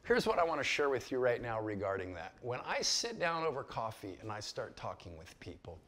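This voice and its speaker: Lively, storytelling middle-aged man teacher. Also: mid-range voice, fairly quick. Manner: conversational and storytelling, with asides and chuckles. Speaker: pastor teaching a Bible lecture. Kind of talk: informal teaching talk to a group.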